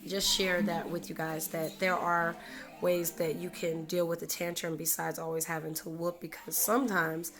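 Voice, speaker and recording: A woman's voice: lowish voice, level tone, normal speed, fairly bright tone. A young woman in a casual home parenting vlog, chatty and full of "you know". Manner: chatty, repeats phrases, says "you know" often. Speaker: mother vlogger. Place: at home indoors.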